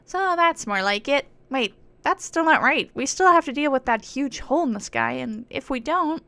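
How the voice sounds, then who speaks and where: A woman's voice: high-pitched, animated, moderate pace, vocal fry, sharp tone, no echo, heavily acted. A woman voicing a small, cheeky female companion creature who speaks bluntly and indignantly.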